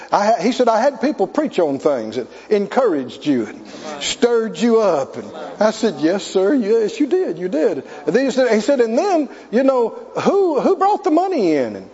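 Preacher guy, real high lively voice, dull echoey hall sound. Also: breathy edge. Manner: storytelling, emphatic, rising to near shouts. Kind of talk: sermon.

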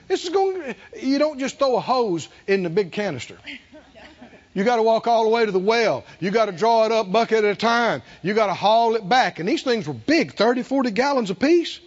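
High-voiced animated preacher man. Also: lo-fi sound. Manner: animated preaching with call-and-response. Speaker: pastor. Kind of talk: sermon.

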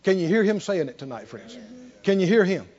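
In a muffled sermon recording, a high-pitched male preacher speaks fairly quickly with big pitch swings. He drops to near-whispers for stories, surges back into loud, emphatic urging, and has the congregation repeat his lines.

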